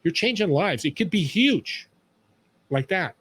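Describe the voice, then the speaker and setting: A man's voice: sits high, lively intonation, unhurried, a bit bright, breathy edge. A man on a podcast as a guest, talking in an emphatic, storytelling way about serving others. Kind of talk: motivational interview talk.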